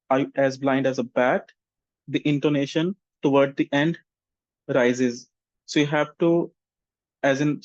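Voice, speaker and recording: A man teaching an online vocabulary class, modeling example sentences slowly and deliberately to show intonation. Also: on the high side, no echo, dull audio. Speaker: English teacher.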